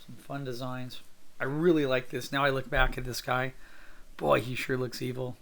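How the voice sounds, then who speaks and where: Male art instructor, casual tutorial talk, raspy fry in the voice, positive and chatty. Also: mid-range voice, little pitch movement, normal speed, a bit bright. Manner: upbeat, encouraging, thinks aloud with fillers. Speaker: art teacher sketching on camera. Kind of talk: casual drawing tutorial narration.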